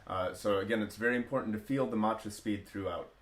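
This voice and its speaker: A man's voice: fairly low pitch, fast, noisy background. A man teaching a music lesson, explaining rhythm step by step with frequent hesitations. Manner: chants rhythm syllables in steady counted patterns. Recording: roomy echo.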